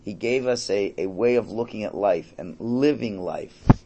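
A man's voice: lowish voice, moderate pace, background noise. A man teaching a Torah class, telling Hasidic stories in a conversational way. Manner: storytelling, conversational, quotes characters.

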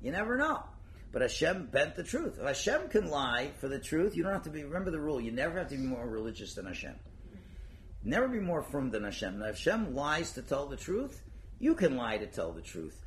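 A man's voice: on the high side, a little fast, slight background noise. A man teaching a Torah class as a rabbi, casual and joking, acting out everyday arguments and mixing in Hebrew and Yiddish terms. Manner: animated, joking, acts out everyday dialogue. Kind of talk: informal religious lecture.

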